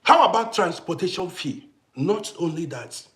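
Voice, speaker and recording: A man's voice: high-pitched, lively intonation, moderate pace, fairly bright tone. A man from Africa delivering an impassioned monologue to camera, ranting and firing off rhetorical questions while repeating himself for emphasis. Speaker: vlogger.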